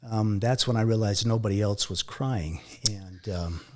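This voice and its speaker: In an interview, a middle-aged man tells the emotional story of nearly dying, halting and repeating words. At the hardest moments his voice sinks low and quiet.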